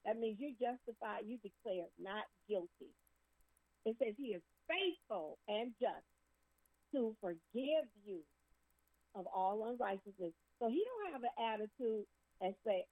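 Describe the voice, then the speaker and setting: A woman pastor preaching a sermon, greeting viewers by name and drawing out scripture words slowly. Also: medium pitch, sing-song, warm tone, no room sound, poor audio.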